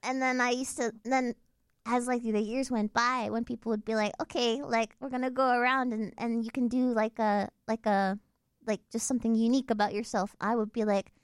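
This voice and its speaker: Young woman, casual chatter, slightly high voice, dry close mic. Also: little pitch movement, brisk, clean tone, dry recording. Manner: chatty, lots of fillers and laughter. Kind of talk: casual chat.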